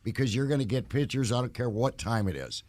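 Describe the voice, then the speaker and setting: A man's voice: medium pitch, lively intonation, fairly quick, a little mellow. A man as a studio podcast guest, rambling through anecdotes with laughs. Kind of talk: casual storytelling chat.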